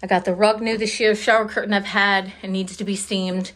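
A woman's voice: mid-range voice, little pitch movement, brisk, fairly bright tone. A woman giving a casual, rambling tour of her home decor, a little out of breath and apologetic, filmed on a handheld phone indoors. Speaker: home vlogger. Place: inside a house.

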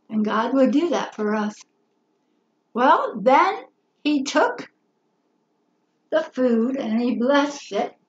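A woman's voice: on the high side, a little hiss or hum. A woman teaching a children's Bible lesson, telling the story expressively and asking her listeners questions. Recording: roomy, slightly dull recording.

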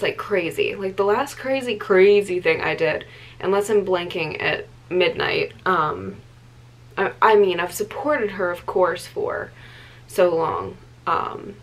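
A woman's voice: lowish voice, poor audio. A young woman chatting casually to camera in a vlog, tired, rambling with lots of ums and likes. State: tired late at night. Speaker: vlogger.

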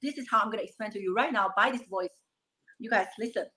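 On a rough recording, a woman guest talks fast in a medium-pitched voice that sounds pushed and bright. Agitated and defensive on a heated call-in show, she talks over others and cuts in to give her side.

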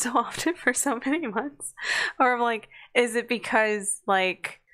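Casual woman streamer at a home desk mic: rambling, apologetic, quick to laugh. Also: medium pitch, a bit bright, smooth. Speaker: streamer and podcast host. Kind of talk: casual livestream chat.

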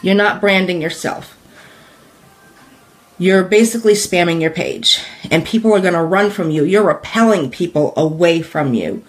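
A woman's voice: lowish voice, normal speed, faint music behind. A woman teaching in a live stream, talking casually with many fillers, asking viewers questions, repeating her points and laughing lightly. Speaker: direct sales business coach.

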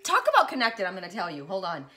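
A woman chatting excitedly as she unboxes gifts in a casual vlog, gushing over each one. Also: medium pitch, quick pace. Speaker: spiritual vlogger unboxing gifts.

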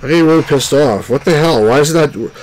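A man's voice: a little high, a little fast, darkish tone, poor audio. A man hosting a let's play, giving casual gameplay commentary, exasperated and swearing at the game.

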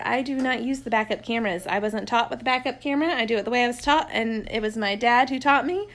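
Chatty mom with a higher voice. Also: female voice, quick pace, hardly any pauses. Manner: chatty, rambling storyteller who laughs often. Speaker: homeschooling mother vlogging. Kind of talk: casual unscripted chat to camera. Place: sitting in an armchair at home.

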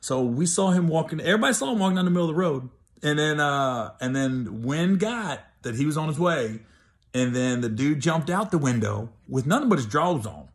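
A man's voice: fairly high pitch, animated, fairly quick. A middle-aged man telling a comic story, loose and chatty, laughing between bits. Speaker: comedian.

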